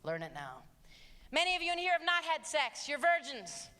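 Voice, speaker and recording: A woman giving an impassioned, emphatic motivational talk to teens, swinging between loud and hushed passages. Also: high-pitched, very animated, normal speed. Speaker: youth abstinence speaker. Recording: long hall reverb, faint audience.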